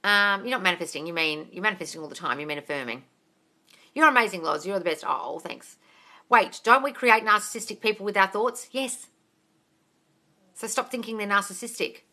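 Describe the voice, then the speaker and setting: A woman's voice: medium pitch, brisk. An Australian woman coaching viewers on a casual live stream, reading out their questions and answering bluntly, swearing freely and calling them darling. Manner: reads out viewer comments in a lively voice.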